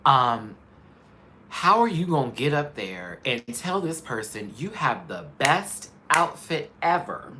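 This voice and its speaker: A man hosting a live show, giving sassy, animated, candid commentary in a casual chat. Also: medium pitch, slow pace, background noise. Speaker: host.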